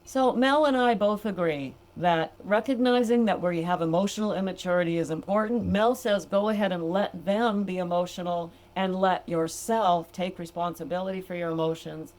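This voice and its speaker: Reading from a book in a relaxed podcast monologue, a grandmother who coaches sobriety laughs a lot and addresses her listeners as gals. Her voice is fairly low and darkish, at a normal speed with few pauses.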